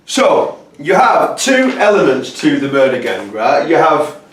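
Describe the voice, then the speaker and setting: A man giving a casual, rambling lecture to camera, halting often with fillers. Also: a little high, sing-song, slight background noise. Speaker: presenter. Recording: roomy echo, distant mic.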